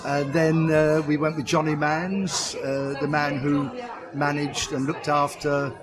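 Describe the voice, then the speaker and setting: A man's voice: on the high side, little pitch movement, unhurried, over music. An older man, a pantomime writer and comedy performer, telling chatty stories in an interview and laughing often at them. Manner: chatty storyteller who laughs often at his own anecdotes. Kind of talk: anecdotal interview chat.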